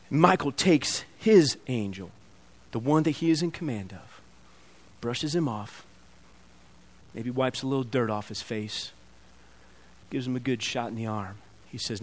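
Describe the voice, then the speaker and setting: A pastor preaching a sermon, telling the story dramatically and swinging from loud emphasis to hushed lines. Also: male voice, medium pitch.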